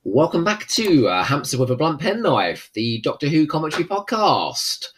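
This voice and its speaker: A man chatting on a podcast with a lively, bouncing pitch. He sounds playful and laughs easily. His voice is a little worn and hoarse. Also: normal speed, a little hiss or hum. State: losing his voice. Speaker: podcast co-host. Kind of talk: casual commentary chat.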